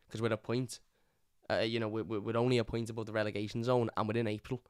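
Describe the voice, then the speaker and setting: A man's voice: mid-range voice, flat delivery, fast, clear, resonant tone, dry recording, studio quality. A man hosting a live football fan review, frustrated, stumbling over and repeating his words and scolding his chat. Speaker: fan channel host.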